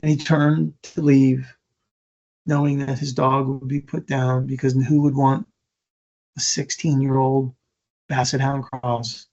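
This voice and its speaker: A keynote speaker tells stories in an earnest, emphatic talk, stammering and restarting as he goes. His mid-range voice is gravelly, husky, and a little mellow, with little pitch movement and a slow pace, on a dull lo-fi recording.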